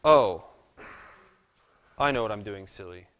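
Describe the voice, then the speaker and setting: A man's voice: lowish voice, lively intonation, a little slow, a bit bright. A man giving a live math lecture, chatty and self-deprecating, thinking aloud as he works at the board. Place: lecture hall. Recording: long reverb of a lecture hall.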